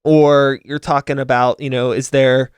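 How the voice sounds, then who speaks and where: Chatty podcast host, crisp and dry. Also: male voice, mid-range voice, flat delivery, measured pace, no echo. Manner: rambling, filler-heavy, upbeat sing-song outro. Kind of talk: casual interview chat.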